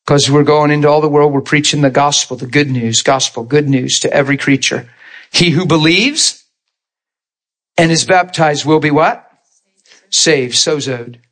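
Husky, animated male preacher. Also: moderate pace. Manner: animated, jumps high in pitch when acting out stories. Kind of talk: storytelling sermon.

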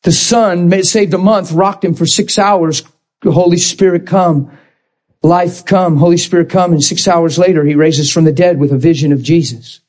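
High-pitched impassioned male preacher. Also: fairly even intonation, normal speed, a little mellow. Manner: impassioned, rising to high emphatic bursts. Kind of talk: sermon.

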